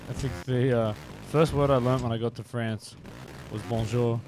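A man's voice: mid-range voice, moderate pace, music in the background. A man streaming a game and chatting casually, rambling and self-mocking while he answers chat. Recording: steady noise behind the voice.

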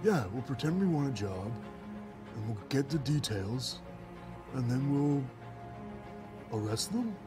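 A man's voice: medium pitch, sing-song, measured pace, pauses often, over music. A man playing a tabletop game, laid-back. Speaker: player.

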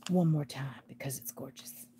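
A woman's voice: a bass voice, moderate pace, noisy background. A woman hosting a casual live jewelry sale, chatting to the pieces as she unpacks them and laughing often. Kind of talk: casual live-stream chat while unboxing.

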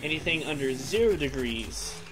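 A young man livestreaming a game, chatting to viewers in a joking, rambling way with sudden loud whoops. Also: a little high, normal speed, over music. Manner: joking, rambling, animated outbursts. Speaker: game streamer. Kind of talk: casual live-stream chat while gaming. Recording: steady background noise.

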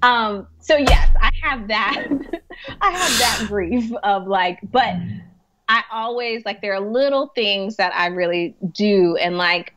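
A woman's voice: medium pitch, expressive, takes it slowly, fairly bright tone. A woman who works as a hospice chaplain and grief coach, telling stories in a podcast interview in a chatty way, laughing often and saying "like" a lot.

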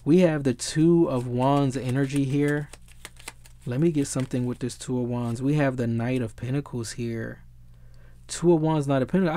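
A man giving a casual tarot reading who gets excitable, swears freely and often searches for the right word. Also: fairly high pitch, dry recording. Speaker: tarot reader.

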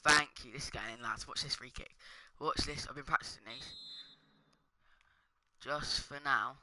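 A man's voice: mid-range voice, moderate pace, pushed and bright, no echo. A young man commenting casually on his own gameplay, swearing and muttering under his breath. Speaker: gaming streamer.

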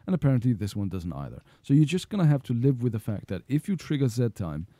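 A man's voice: medium pitch, sing-song, quick pace, dark tone, no echo, studio quality. A man giving a casual video game tutorial, rambling and correcting himself with playful asides. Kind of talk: casual screen-recorded tutorial.

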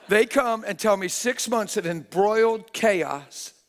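A faint crowd can be heard as a high-pitched man preaches unhurriedly at a church gathering. His live sermon is conversational, full of rhetorical questions aimed at the audience and dramatized voices of the people he quotes.

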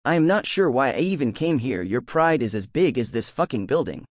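A man's voice: medium pitch, lively intonation, a little fast, no echo, studio quality, lightly acted. A man voicing a playful, sly trickster god in a fan-made audiobook. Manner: teasing, sly.

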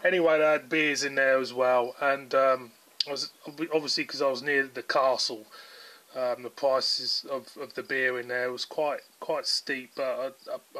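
A man with a southern English accent talks through a beer review in a relaxed, meandering way, full of ums and asides. His voice sits at an ordinary pitch but has a bright, forward ring to it. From England. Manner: chatty, rambling, filler-heavy. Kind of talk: casual video review.

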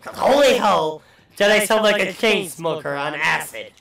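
A man's voice: sits high, animated, normal speed, gravelly, fairly bright tone, recorded from a distance. A man hosting a let's play, joking and swearing through casual gameplay commentary. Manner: profane, rambling, joking. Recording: echoey room, voice off mic, faint music.

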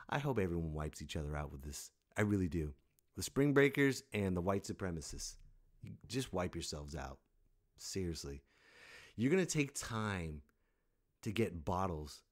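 A man's voice: deep voice, animated, unhurried, long pauses. A man hosting a comedy podcast, delivering a sarcastic, exasperated rant and laughing at his own jokes. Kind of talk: stand-up style comic rant.

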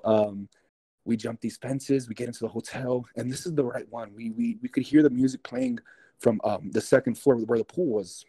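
Mellow-voiced man telling a wild story. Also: medium pitch, no echo. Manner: rambling, profane, keeps addressing listeners as guys. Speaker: interview guest. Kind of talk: casual storytelling.

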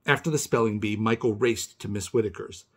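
A man's voice: on the low side, fairly quick, a bit bright, slight background noise. A man reading a picture book aloud for a kindergarten class, expressively, pointing out the pictures. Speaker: storybook reader for kindergarten. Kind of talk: children's read-aloud narration.

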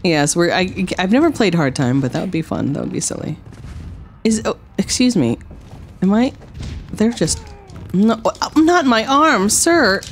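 A woman streaming a wrestling game, trash-talking with playful sarcasm, dropping low for tough lines and yelping high when surprised. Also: big pitch swings, moderate pace, pauses often, a little mellow, slight background noise. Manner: swings between low mock-tough lines and high yelps. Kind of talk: live gameplay commentary.

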